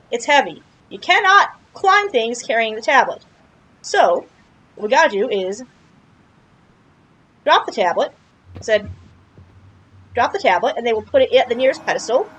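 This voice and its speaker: High, lively-voiced woman narrating a playthrough. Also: normal speed, long pauses, a little hiss or hum, poor audio. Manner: chatty, playful, jokey, exclaims at surprises. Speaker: video game streamer. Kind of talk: casual game playthrough commentary.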